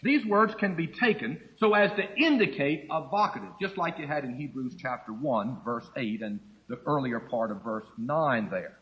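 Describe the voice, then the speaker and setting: A man's voice: medium pitch, lively intonation, moderate pace, few pauses, a bit bright, low-quality recording. A middle-aged man preaching a sermon, teaching through a Bible passage and acting out the quoted speech.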